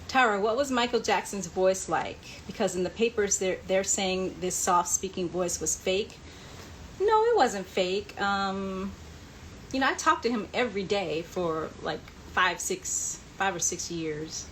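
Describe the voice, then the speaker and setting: A woman hosting a live online chat, answering fan questions and reading out comments in a relaxed, chatty way. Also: mid-range voice, unhurried, a little hiss or hum, low-quality recording. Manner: chatty, reads out viewer comments, laughs often.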